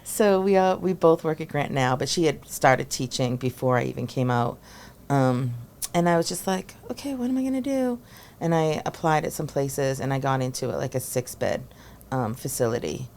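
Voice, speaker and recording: A woman's voice: rumbling low, moderate pace, darkish tone, a little hiss or hum. A woman in her forties from Massachusetts, a teacher and former social worker chatting as a guest, talking loosely with lots of fillers and laughs. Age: 40s. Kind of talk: casual interview chat.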